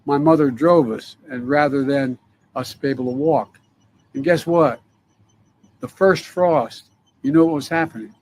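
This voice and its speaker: A man's voice: fairly high pitch, unhurried, long pauses, darkish tone, poor audio. An older man, a politician, heard in an archive clip of a speech, rambling and slurring his words.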